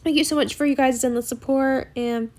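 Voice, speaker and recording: A woman's voice: high-pitched, fairly even intonation, a little fast, darkish tone. A young woman hosting a gaming video, chatting casually and hesitantly with lots of fillers. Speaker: gaming channel host. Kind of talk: casual gameplay chat.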